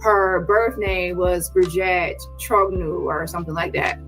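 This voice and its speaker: Woman livestream host, bright tone, rambling casual talk, faint music behind. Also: on the low side, fairly even intonation, a little slow. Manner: rambling, repeats "okay?" and "child". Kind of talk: casual chat.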